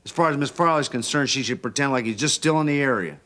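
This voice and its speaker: A man playing a steady police detective. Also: medium pitch, fast talker, natural voice. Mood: reassuring.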